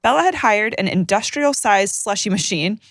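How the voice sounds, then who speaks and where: A woman co-hosting a podcast, reading listener stories aloud with joking, animated banter. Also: medium pitch, normal speed, no echo, clean studio sound. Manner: animated, joking, laughs mid-sentence. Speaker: podcast co-host.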